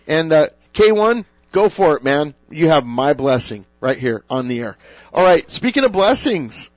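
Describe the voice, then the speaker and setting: A man's voice: a little high, sing-song, normal speed, no room sound. A man hosting a radio talk show, casual and joking, chatting and reading sponsor mentions. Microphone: studio microphone. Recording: dull lo-fi radio audio.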